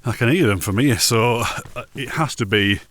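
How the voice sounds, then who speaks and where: A man's voice: mid-range voice, moderate pace, a bit bright. A man, chatting casually and jokingly while walking along a mountain ridge outdoors. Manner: chatty, jokey, rambling asides. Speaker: hiking vlogger.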